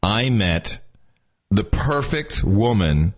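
A man's voice: lowish voice, lively intonation, slow pace. A man co-hosting a podcast, chatting casually and joking with lots of restarts. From Texas. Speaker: podcast co-host. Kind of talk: casual chat.

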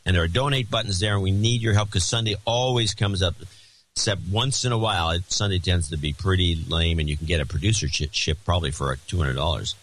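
A man's voice: low voice, fast talker, a bit bright, poor audio. A man co-hosting a podcast in casual chat, reading donor names and plugs with dry, wisecracking asides. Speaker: podcast co-host.

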